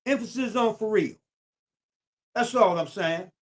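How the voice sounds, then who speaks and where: A man with a voice that sits high speaks unhurriedly while hosting a casual live stream. He hammers his points home with preacher-like repetition and addresses viewers directly, calling out their names.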